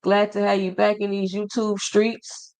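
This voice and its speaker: A man's voice: sits high, monotone, unhurried, smooth. A man hosting a boxing livestream, talking casually and slangily straight to his chat and reading out viewer comments.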